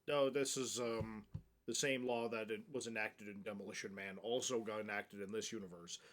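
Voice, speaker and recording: A man co-hosting a podcast in casual comedic chat, playful and quick to laugh and play along. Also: on the low side, fairly even intonation, fairly bright tone. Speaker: podcast co-host.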